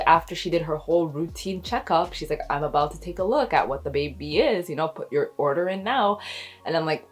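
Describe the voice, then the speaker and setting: A woman's voice: lowish voice, animated. A young woman, a stay-at-home mom, telling a story to her camera in a casual, emotional way, holding back tears. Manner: emotional, talks slowly, near tears. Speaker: vlogger, expecting mother.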